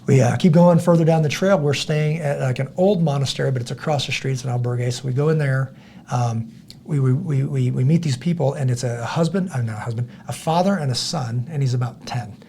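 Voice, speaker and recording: A man's voice: medium pitch, fairly quick, vocal fry, a little hiss or hum. A middle-aged man in a podcast conversation, telling a story animatedly with frequent restarts and repeated words. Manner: animated, acts out other people's voices. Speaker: podcast guest.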